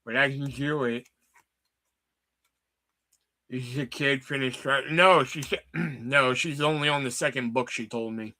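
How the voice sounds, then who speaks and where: A man's voice: medium pitch, moderate pace, hardly any pauses, sharp tone, no echo. A man hosting a casual livestream, joking crudely with viewers and swearing often. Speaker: livestream host.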